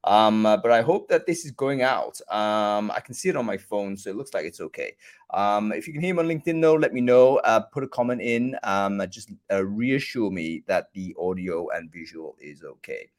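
A man hosting a live online show, chatty and filled with ums and uhs, talking from a room by a bright window. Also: on the low side, expressive, normal speed. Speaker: host.

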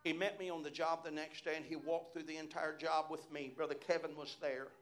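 On the high side and brisk, with little movement in pitch, a middle-aged man preaches as pastor, recounting personal stories from the pulpit and punctuating his phrases with repeated amens.

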